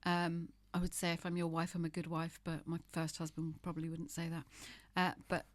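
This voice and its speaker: In a candid, conversational interview, a podcast guest in her fifties talks openly and laughs a lot while swinging from grief to humor. Her lowish voice stays monotone and runs a little fast, free of echo.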